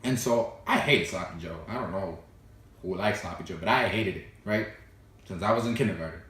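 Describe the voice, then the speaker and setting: Young dude vlogging, rambly and animated, lots of "you know", roomy echo. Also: male voice, low-pitched, brisk, recorded from a distance, slight background noise. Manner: animated, laughs often, fillers like "you know" and "right". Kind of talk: casual storytelling to camera.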